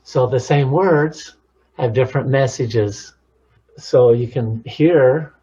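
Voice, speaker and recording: A man talking as a counselor, teaching about relationships in a calm, measured way. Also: medium pitch, slightly rough, muffled recording. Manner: calm, measured, demonstrates tones of voice. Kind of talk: instructional talk on relationships.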